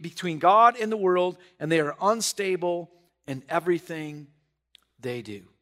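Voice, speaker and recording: Man, pastor, high voice, sermon delivery, soft then loud, animated preaching. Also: unhurried.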